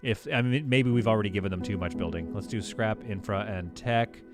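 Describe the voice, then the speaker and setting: A man's voice: on the low side, brisk, music in the background. A man streaming a game live, thinking aloud as he plays, chatting with viewers and laughing easily. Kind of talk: live gameplay commentary.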